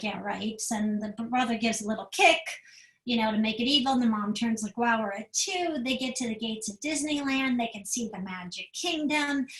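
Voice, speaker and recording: A woman's voice: fairly high pitch, reverberant, low-quality recording. A middle-aged woman psychiatrist giving a parenting talk, telling stories animatedly and acting out the quotes. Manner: animated storyteller who acts out quotes. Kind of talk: storytelling lecture. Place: event room.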